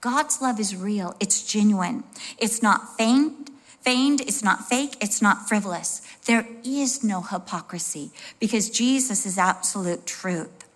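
A middle-aged woman preaching a sermon in a conversational, expressive way, with personal asides and small acted-out voices. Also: medium pitch, a little slow.

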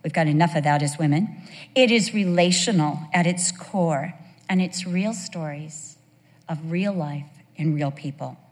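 Animated woman teaching in a reverberant hall. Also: sits low, unhurried. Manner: animated, conversational storytelling. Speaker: Bible teacher. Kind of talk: sermon.

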